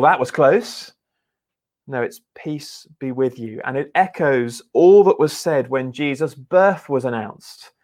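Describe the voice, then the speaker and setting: A man preaching a sermon in an earnest, conversational way, often restarting his words. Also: fairly high pitch. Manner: earnest, halting with repeated restarts.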